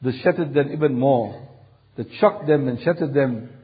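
A man's voice: medium pitch, normal speed, highs cut off. A male preacher telling a long religious story in a sermon, solemn, repeating phrases for emphasis.

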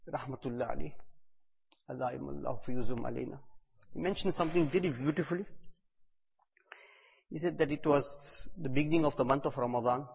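A man giving a devotional talk, telling stories and repeating phrases for emphasis, at times bursting out loud on key words. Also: on the high side, vocal fry, breathy edge. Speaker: religious teacher. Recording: echoey hall, dull lo-fi sound.

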